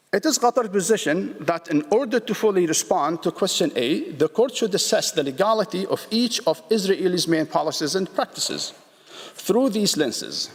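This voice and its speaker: A man presenting a formal legal argument before a court, read from a prepared text, measured and deliberate with frequent restarts. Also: a little high. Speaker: state representative pleading before an international court. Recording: long reverb of a large hall.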